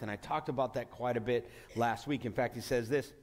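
Male pastor, mid-pitch, earnest and emphatic with frequent restarts, preaching in a long-reverb hall. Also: a little mellow. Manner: earnest, repetitive restarts, drawn-out emphatic words. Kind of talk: sermon. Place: church sanctuary.

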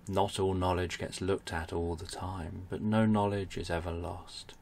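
Deep, slow sleep story narrator, a man. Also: level tone, vocal fry, slight background noise. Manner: slow, soft and soothing.

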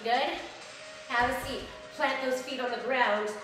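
A woman's voice: sits high, fairly even intonation, measured pace. A woman instructor leading a live workout class, upbeat and encouraging, counting reps and a little out of breath. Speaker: fitness instructor. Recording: echoey room, mic at a distance, music behind.

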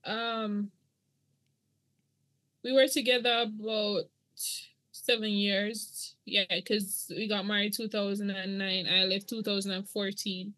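This middle-aged woman speaks slowly at a medium pitch, her tone level and fairly bright, with no room sound in the recording. Appearing as a podcast guest, she sincerely recounts her own story, emotional and church-inflected, as interview testimony.

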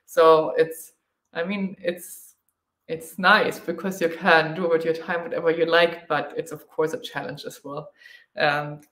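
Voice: mid-range voice, little pitch movement, unhurried, fairly bright tone. German-accented vlogger in a roomy space. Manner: chatty, thinking aloud, laughs readily. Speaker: travel vlogger and motorcyclist. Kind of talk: live Q&A chat.

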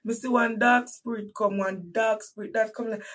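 A woman with a Jamaican accent and a husky voice preaching to her listeners as she tells a painful personal story with emphatic repetition, swinging from hushed to loud. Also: fairly high pitch, fairly even intonation, moderate pace, distant mic, rough recording. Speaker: host and preacher.

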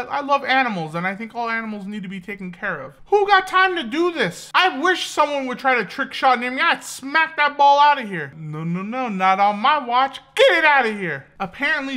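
A woman YouTuber joking through reaction commentary on photos, animated and laughing often. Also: mid-range voice.

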